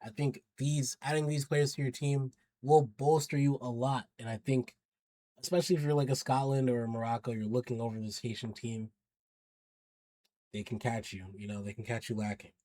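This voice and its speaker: Speaking at medium pitch with a level, warm tone and moderate pace, a football pundit vlogger runs through his predictions. His chatty, slangy commentary hypes up teams and hedges picks as he goes. There's no room sound.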